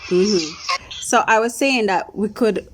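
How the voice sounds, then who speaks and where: A Jamaican woman talks casually with her partner, brisk and practical, at an average pitch for a woman. Clear clicking noise runs behind her voice. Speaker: mother.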